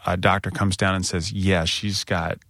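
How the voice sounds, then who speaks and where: American man, podcast co-host, low-pitched bright voice, dry close sound, candid and animated storytelling. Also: moderate pace, dry recording. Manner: candid, animated when quoting people. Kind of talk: casual storytelling chat.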